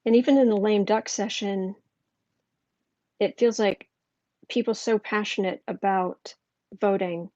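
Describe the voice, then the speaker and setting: A woman's voice: medium pitch, steady tone, a little slow, long pauses, dark tone, no room sound, muffled recording. A woman doing a live tarot reading, chatty and thinking aloud, with many restarts. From United States. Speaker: tarot reader.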